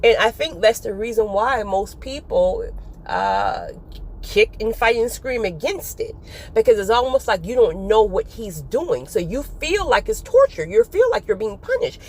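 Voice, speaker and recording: A woman giving a casual spiritual talk to her viewers, animated and often breaking into laughter. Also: fairly high pitch, unhurried, a little hiss or hum. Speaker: faith vlogger.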